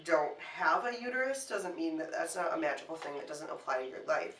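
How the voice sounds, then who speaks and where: A woman co-hosting a casual chat, animated and often restarting her sentences. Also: low-pitched, fairly quick, a little hiss or hum. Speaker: co-host. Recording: echoey room, mic at a distance.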